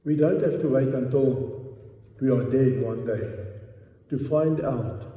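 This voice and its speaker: A man preaching a sermon as pastor, slow and deliberate with long pauses. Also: medium pitch, dark tone. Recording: roomy hall, distant mic.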